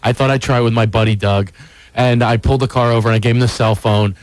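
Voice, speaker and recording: A middle-aged man from Philadelphia, a comedian guest on a radio talk show, telling stories in an animated way. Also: fast, no echo, low-quality recording. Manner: animated storyteller, jumps into high voices for quotes.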